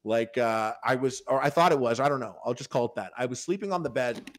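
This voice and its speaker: A man's voice: mid-range voice, animated, fast talker, a little hiss or hum. A young man in his twenties on a podcast, telling a long story in a rambling way full of fillers and restarts. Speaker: podcast host. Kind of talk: casual storytelling.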